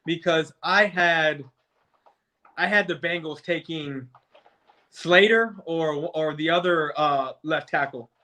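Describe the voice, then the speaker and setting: Male fan guest, casual sports debate, somewhat high, sharp tone, rambling delivery with frequent restarts. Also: takes it slowly. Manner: rambling, stumbles and restarts often.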